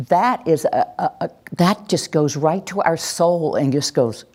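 A woman teaching about praising children, animated and playful, acting out parents' baby talk and scolding in her examples. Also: low voice, normal speed, few pauses. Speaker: parenting educator. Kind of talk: lively talk to an audience.

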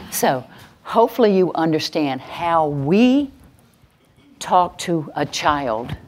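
A woman presenter teaching a live parenting workshop to an audience, lively and acting out little scenes in quoted voices. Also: low voice. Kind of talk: live instructional talk to an audience. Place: venue with stage lights and an audience.

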